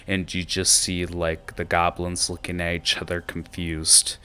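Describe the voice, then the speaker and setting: Male game master, low and bright-toned, relaxed narration with frequent pauses. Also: clear, resonant tone.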